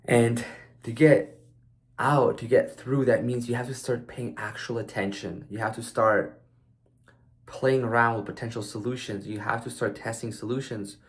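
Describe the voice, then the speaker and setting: A man's voice: mid-range voice, fairly even intonation, normal speed. A man giving a casual motivational monologue, loose and conversational, with frequent fillers and restarts and some blunt swearing. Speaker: speaker sharing life advice.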